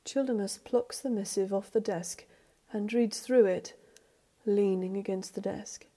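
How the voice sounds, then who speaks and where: A woman reading a story aloud, in a measured, even storybook narration. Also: medium pitch. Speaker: reader.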